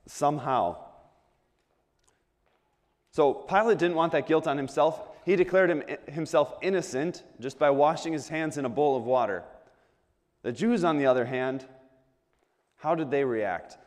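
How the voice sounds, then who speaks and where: Male preacher, mid-pitched voice, chatty sermon full of rhetorical questions, big hall echo. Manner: conversational, asks the audience rhetorical questions, repeats words when restarting.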